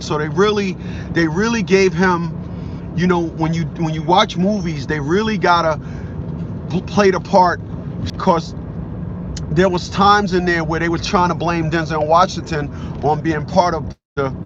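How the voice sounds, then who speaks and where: A man's voice: a little high, fairly even intonation, a little slow, muffled recording, noisy background. A man in his fifties from New Jersey, telling a story casually in a rambling way, repeating himself and acting out quotes. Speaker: vlogger.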